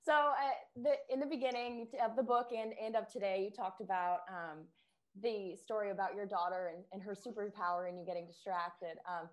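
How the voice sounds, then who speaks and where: A woman's voice: mid-range voice, fairly even intonation, a little fast, darkish tone. A woman co-hosting a podcast, laughing as she asks a question with some hesitation. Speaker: podcast co-host. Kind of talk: podcast interview.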